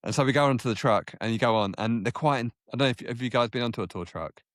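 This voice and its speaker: A man's voice: mid-range voice, quick pace, fairly bright tone, no echo, clean studio sound. A man in his forties, a golf coach telling rambling stories as a podcast guest, correcting himself and acting out other people. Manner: rambling, self-correcting, acts out quoted people in a raised voice. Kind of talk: casual anecdotal storytelling.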